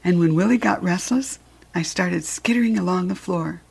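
Expressive female storyteller for a children's book, gravelly husky tone. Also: fairly low pitch, moderate pace. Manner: expressive, playful narration. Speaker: reader. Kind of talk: reading a children's book aloud.

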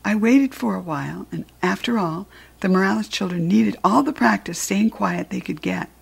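A woman reading a children's chapter book aloud with playful, expressive narration. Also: mid-range voice, normal speed, creaky, husky. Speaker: reader.

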